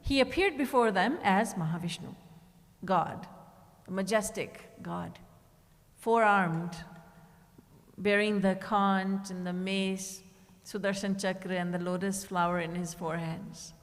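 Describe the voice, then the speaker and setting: Speaking unhurriedly in a mid-range voice with fairly even intonation, a woman spiritual teacher offers a devotional talk in a retreat hall. She tells stories, acting out characters' words with changes in tone, and her voice has a long reverb tail.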